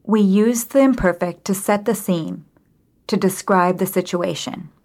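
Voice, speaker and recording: A woman's voice: mid-range voice, darkish tone. Woman teacher with a Minnesota accent. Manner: clear, careful, slow explanations. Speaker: language teacher. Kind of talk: explaining vocabulary.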